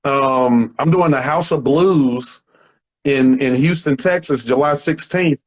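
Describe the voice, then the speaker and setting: A comedian talking in a loose, animated way, laughing through his stories. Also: medium pitch, slow, low-quality recording. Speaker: comedian guest. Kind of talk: casual chat.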